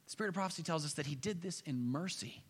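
Male pastor, high bright voice, animated sermon storytelling with acted-out voices, reverberant sanctuary. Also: fast, a little hiss or hum. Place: church sanctuary.

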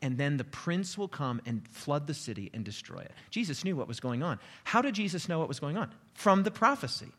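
A man preaching a sermon, reading scripture aloud with dramatic swings from loud declaiming to hushed, quiet asides. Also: on the high side, big pitch swings, a little fast, hardly any pauses. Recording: long hall reverb.

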